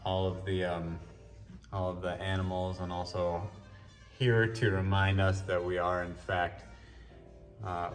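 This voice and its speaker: A man giving a casual walk-through of his own art show, explaining his works in a relaxed, rambling way with frequent restarts. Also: deep voice, measured pace, pauses often. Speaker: artist giving a gallery tour. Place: art gallery show room. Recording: echoey room from a distance with faint music.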